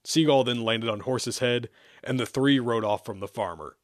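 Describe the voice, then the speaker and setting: A man hosts and reads an absurd old amateur story aloud in a measured, deadpan way. His voice sits at an ordinary middle pitch. The sound is dry and close, with no room echo. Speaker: host and story reader.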